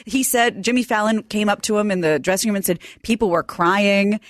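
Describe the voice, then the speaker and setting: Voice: medium pitch, steady tone, a little fast, dry recording, clean studio sound. A podcast co-host in casual chat, recapping a news story and quoting the people in it. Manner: retelling a news story with quotes.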